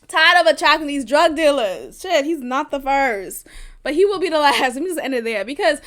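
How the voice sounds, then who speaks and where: A woman with a high, bright voice talks straight into the mic as a podcast host. Her delivery is blunt and profane, and she laughs through her own stories. It sounds like a casual, unscripted rant. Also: expressive, moderate pace. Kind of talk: casual venting monologue.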